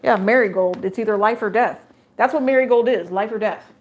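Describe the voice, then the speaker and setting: A woman reads tarot straight to her viewers in a chatty, emphatic voice. She circles back over her own phrases and drops rhetorical questions as she goes. Her pitch sits in an ordinary middle range. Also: fairly quick. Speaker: tarot reader. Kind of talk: solo tarot reading to camera.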